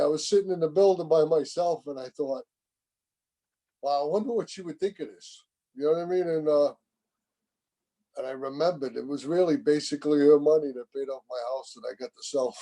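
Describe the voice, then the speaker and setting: Gravelly man sharing at a recovery meeting. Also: medium pitch, dark tone. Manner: rambling, candid, swearing, repeats "you know what I mean". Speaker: main speaker at a recovery meeting. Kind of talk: personal recovery share. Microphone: video call.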